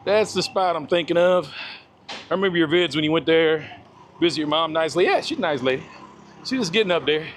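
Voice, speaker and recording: A man's voice: a little high, expressive, brisk, a little hiss or hum. A man walking outdoors on a live stream, chatting casually with viewers and greeting them by name. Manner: laid-back, greets chat viewers by name. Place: outdoors on a walk.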